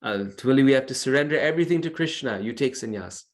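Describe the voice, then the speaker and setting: Calm firm elderly teacher, older man's authority, voiced by a male speaker. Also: medium pitch, fast, close to an everyday voice. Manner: gentle but firm instructions.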